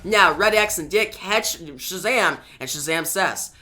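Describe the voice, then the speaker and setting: A man's voice: high-pitched, lively intonation, unhurried, few pauses, pushed and bright. A man retelling a comic book issue in a loose, casual way, starting most lines with "now". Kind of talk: casual comic recap narration.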